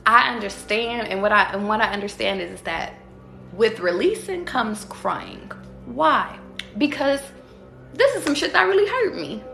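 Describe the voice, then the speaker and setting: A woman's voice: medium pitch, big pitch swings, normal speed, vocal fry, a bit bright, echoey room, soft background music. A woman who reads tarot, giving a casual livestream pep talk to her viewers. She talks profanely and emphatically and keeps asking rhetorical questions. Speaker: tarot reader.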